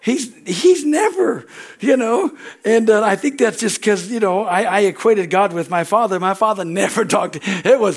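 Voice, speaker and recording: An older man preaches from the pulpit, his fairly high voice rising and falling as he acts out conversations. He tells stories with humor and breaks into laughter along the way. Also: normal speed. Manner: animated storytelling, acts out dialogue, laughs often. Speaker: pastor. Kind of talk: sermon.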